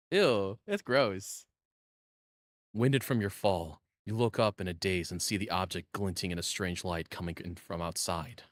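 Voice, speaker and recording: A man's voice: low voice, no echo, clean studio sound. A man live-streaming a game, reading its second-person story text aloud and breaking off to swear and joke with his chat. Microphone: condenser mic on a boom arm. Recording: game music playing underneath. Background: game music.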